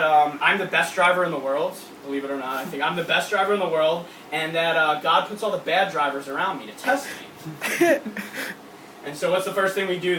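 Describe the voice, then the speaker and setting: A young man doing a crude, ranting stand-up routine with mock outrage. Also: high voice. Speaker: stand-up comedian. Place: comedy club stage. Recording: echoey club from a distant mic, crowd laughing.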